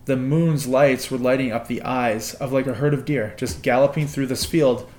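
A man's voice: medium pitch, steady tone, normal speed, background noise. A man, a podcast guest, telling a long story casually and swearing now and then.

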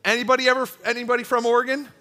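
A young man gives a storytelling youth sermon from a church stage, rambling through jokey, self-deprecating asides. His voice is high-pitched and bright, with a forceful edge. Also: level tone, rapid-fire. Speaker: youth pastor.

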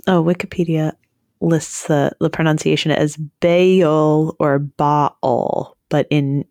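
Woman with a really low voice rambling through quiz recaps, lots of likes and ums, dry close sound. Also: steady tone, takes it slowly, darkish tone, dry recording. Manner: chatty, with frequent fillers and self-corrections. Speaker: podcast co-host. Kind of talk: casual chat recapping a quiz show.

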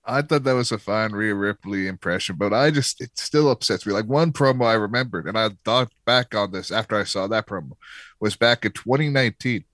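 A man co-hosting a casual chat, calmly questioning and explaining. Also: lowish voice, a little fast, dry recording, clean studio sound. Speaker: podcast co-host.

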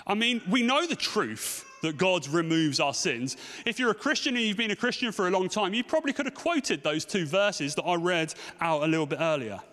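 A man's voice: high-pitched, a bit bright. A man in his thirties preaching a sermon to a congregation, telling stories and asking the room rhetorical questions. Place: church hall. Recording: long hall reverb.

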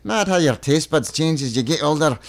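A man's voice: on the high side, expressive, fairly quick, creaky. A man doing a put-on Scottish accent, reading crude comic posts as a brash swearing Scot. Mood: cheeky, crude. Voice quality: raised, punchy and crude. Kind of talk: comic read-aloud of posts.

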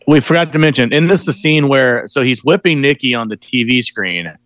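A man's voice: mid-range voice, brisk, a bit bright, dry recording. A man co-hosting a casual podcast, chiming in with hesitant, filler-heavy remarks and checking plot details. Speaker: podcast co-host. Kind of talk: casual chat.

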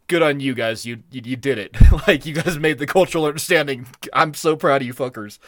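A man's voice: mid-range voice, a little fast, dry recording. A man co-hosting a podcast, reviewing a cartoon episode in casual, profane, ranting chat. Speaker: podcast co-host.

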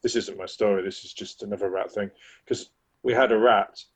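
A man from England co-hosts a casual podcast, telling a story in a rambling way. He often stops to correct himself and chuckles along the way. His voice sits on the low side for a man. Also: fairly even intonation, brisk, husky. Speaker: podcast co-host.

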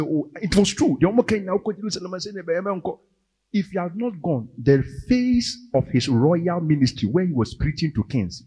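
A man with a Ghanaian accent preaching a sermon, moving between English and Twi and rising to loud, emphatic calls. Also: a little high, breathy edge, in a large hall. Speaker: pastor.

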